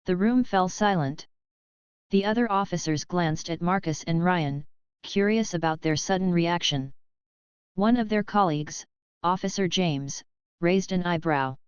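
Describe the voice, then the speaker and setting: A woman reading a dramatic story aloud in a steady, even narrating voice. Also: lowish voice, unhurried, smooth, no room sound. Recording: dry, slightly dull lo-fi.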